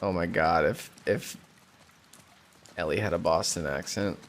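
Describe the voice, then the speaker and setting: A man's voice: low-pitched, a little slow. A man streaming a video game, giving casual, joking commentary and swearing freely. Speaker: gaming streamer.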